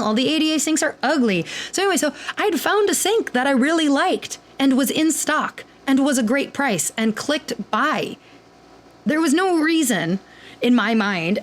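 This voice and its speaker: Chatty woman podcaster. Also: a little high. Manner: chatty, many fillers and quoted asides. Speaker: podcast host. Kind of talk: casual personal talk.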